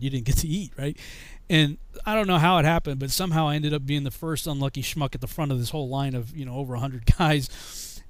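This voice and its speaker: A man's voice: fairly high pitch, dry recording. A man telling a funny army story casually, laughing often and saying you know a lot.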